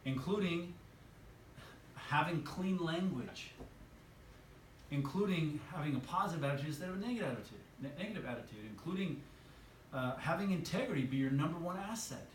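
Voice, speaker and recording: A man giving an enthusiastic motivational sales training talk to a live audience, asking them questions. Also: high voice. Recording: echoey room from far off, light hiss.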